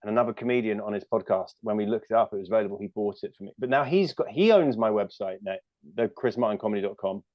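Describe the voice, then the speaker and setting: A British man in his thirties talks loosely and self-deprecatingly, full of fillers and restarts. His voice sits low. The recording is dry and a little dull. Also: fast talker, dry recording. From United Kingdom. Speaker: comedian guest. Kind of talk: casual interview chat.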